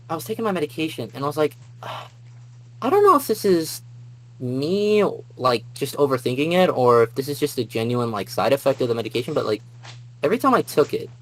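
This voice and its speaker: A man's voice: mid-range voice, fairly bright tone, low-quality recording. A young man, a podcast guest, telling a long personal story in a rambling way, full of fillers and restarts. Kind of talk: casual storytelling.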